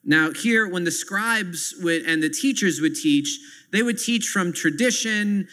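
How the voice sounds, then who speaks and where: In a church sanctuary, a man serving as pastor preaches with a high, bright voice that is forceful yet unhurried. His explanation of scripture is earnest, punctuated by asides to those listening, all captured with a long hall reverb.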